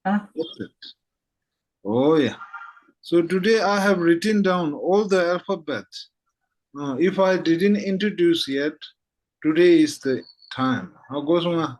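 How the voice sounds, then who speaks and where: A man whose first language is Tibetan teaches a slow alphabet lesson, reading each sound one at a time and often checking in with "okay?" and "hmm?". His voice is a little high with a darkish tone, and the recording is rough.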